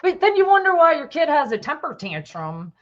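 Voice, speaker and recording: This is a woman talking casually as a podcast co-host. Her voice sits a little high and swings widely as she rambles and acts out what people say. The recording sounds dull and lo-fi. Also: big pitch swings, brisk, fairly bright tone. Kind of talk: casual chat.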